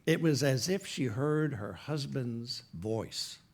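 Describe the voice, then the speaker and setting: A pastor delivering a sermon from a church platform, recounting a story in an easy, conversational manner. His voice sits at an ordinary pitch for a man. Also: animated, slow pace, creaky. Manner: conversational, retells a story with quoted dialogue.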